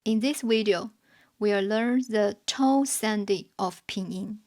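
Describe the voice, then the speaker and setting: A woman narrating a scripted beginner language lesson, explaining rules in a measured, carefully enunciated way. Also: mid-range voice, a little mellow. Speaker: language teacher.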